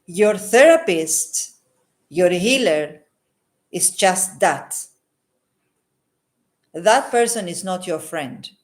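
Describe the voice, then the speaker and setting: Her pitch sits fairly low, her intonation is lively, and she speaks very slowly, pausing often. She's a holistic healer and psychic offering earnest, unscripted advice to camera, echoing phrases to stress them and following her points with a questioning "hmm?"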